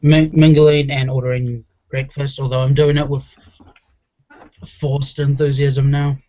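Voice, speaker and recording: A man playing a tabletop game, talking in a measured, drily amused way. The recording is muffled and lo-fi. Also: medium pitch, flat delivery, warm tone. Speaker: player.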